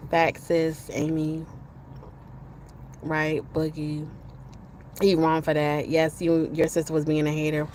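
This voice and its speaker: A woman's voice: low voice, completely flat delivery, slow pace, pauses often, a little mellow, a little hiss or hum. A young woman hosting a casual live stream, chatting in a laid-back, slangy way, laughing often, reading viewer comments and talking while she eats. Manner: talks while eating. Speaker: livestream host. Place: outdoors while walking.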